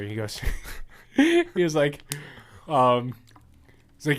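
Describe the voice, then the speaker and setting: A young man co-hosting a casual podcast, telling animated stories and laughing through them. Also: mid-range voice, measured pace, pauses often. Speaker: podcast co-host. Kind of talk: casual chat.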